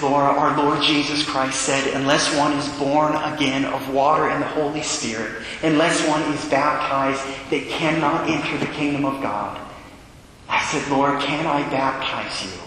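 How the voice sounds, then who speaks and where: A Catholic priest preaching a sermon, telling a story with earnest feeling and dropping to a hush for the quiet moments. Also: male voice, a little high, noisy background. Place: church. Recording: echoey church hall.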